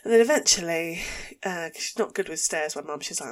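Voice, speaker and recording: A woman with an Essex accent, hosting a podcast and telling a story in an animated, casual way, swearing freely. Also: on the low side, brisk. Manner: animated, swears and laughs while telling stories. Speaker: podcast host.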